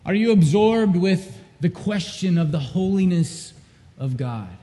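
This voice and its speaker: High-voiced man preaching in a reverberant hall. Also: animated, unhurried. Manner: earnest preaching, rising to loud emphatic repetitions, then dropping low and intimate. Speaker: pastor. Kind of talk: sermon.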